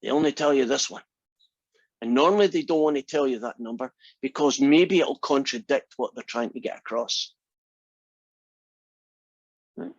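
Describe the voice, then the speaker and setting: A man's voice: mid-range voice, normal speed, pauses often, slightly rough, no echo, muffled recording. A man teaching a statistics class, reasoning aloud and asking the class many questions. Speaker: math instructor. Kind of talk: classroom lecture.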